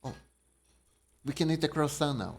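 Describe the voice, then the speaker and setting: A man's voice: a little high, animated, normal speed, gravelly, breathy edge. A man live-streaming a card game, reading card text aloud and chatting casually with his viewers. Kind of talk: casual live-stream chat while gaming.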